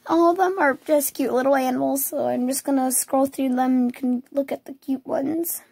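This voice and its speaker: A young woman with a hoarse voice chatting casually as she scrolls through pictures, cooing over the cute ones. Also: high voice, steady tone, normal speed, a little mellow, dry recording. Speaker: vlogger. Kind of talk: casual screen tour.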